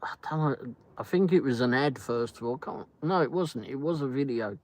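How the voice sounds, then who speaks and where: A man's voice: mid-range voice, animated, moderate pace, a little mellow, poor audio. A man hosting a casual livestream, rambling through a story and greeting viewers by name. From Britain. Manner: rambling, chatty, reads viewer comments aloud. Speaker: livestream host.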